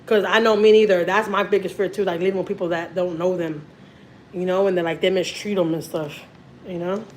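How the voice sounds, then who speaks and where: A woman with a Texan accent chatting casually on a family live stream, animated and repeating herself as she talks while holding a phone in her kitchen. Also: on the low side, brisk, slight background noise. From Houston, Texas. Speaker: family vlogger. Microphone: handheld phone.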